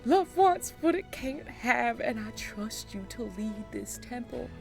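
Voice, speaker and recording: A woman voicing a theatrical woman who fakes a saintly death, speaking slowly and melodramatically. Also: fairly high pitch, animated, vocal fry, soft background music, voice pushed up. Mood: solemn. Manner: slow, solemn, melodramatic.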